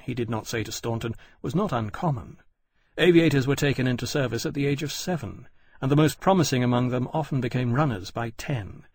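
A man reading a novel aloud in even, measured scripted narration. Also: mid-range voice, husky. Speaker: audiobook narrator.

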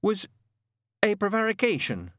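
A man's voice: sits high, wildly swooping pitch, measured pace, a bit bright, dry recording, clean studio sound, pitched above the performer's own voice, exaggerated voice. A nervous young man frets and rambles in a raised, anxious voice, his words wobbling with rise and fall. A man plays him in an audiobook. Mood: flustered. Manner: flustered, wretched, rambling. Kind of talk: audiobook narration.

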